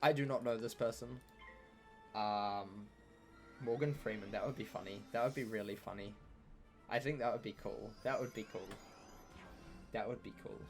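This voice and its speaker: A man's voice: fairly low pitch, moderate pace, creaky, long pauses, soft background music. A man giving chatty, playful live commentary on a game he streams, with joking trash talk aimed at the enemies.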